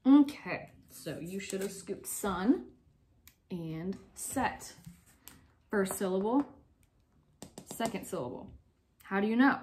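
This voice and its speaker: A young woman teacher giving slow, clear, step-by-step instructions in a phonics lesson for young children. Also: medium pitch, darkish tone, slight background noise.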